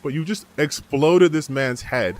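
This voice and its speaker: A man's voice: on the high side, measured pace, darkish tone. A man streaming a game, chatting and joking while testing a mock British enunciation. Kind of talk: gaming livestream commentary.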